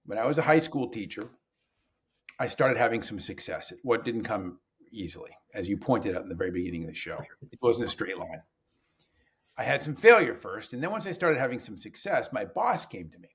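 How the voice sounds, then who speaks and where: Lively husky-voiced man telling stories. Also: fairly low pitch, brisk. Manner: animated, acts out dialogue in changing voices. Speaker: teacher educator, podcast guest. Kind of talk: conversational storytelling.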